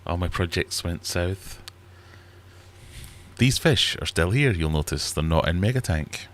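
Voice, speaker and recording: A low, slightly bright voice with lively intonation and a measured pace carries this casual livestream chat. The host is a middle-aged man who rambles and jokes at his own expense from a small, warm fish room at home.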